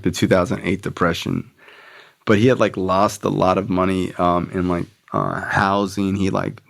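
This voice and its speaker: A man's voice: low-pitched, vocal fry. A young man, a podcast guest, telling a blunt, profane story about his past in a casual way.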